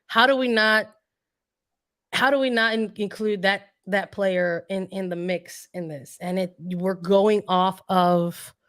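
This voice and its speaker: A hoarse woman chatting on a sports podcast, her voice sitting in a middle pitch range. She keeps clearing her throat and restarts her sentences as she works out a point. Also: steady tone, slow, fairly bright tone. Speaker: podcast co-host. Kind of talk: casual sports podcast chat.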